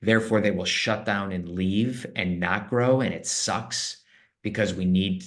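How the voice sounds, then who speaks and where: A man's voice: deep voice, fairly even intonation, measured pace. A man who works as a leadership coach, a podcast guest speaking in an earnest, emphatic coaching manner. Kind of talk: casual interview talk.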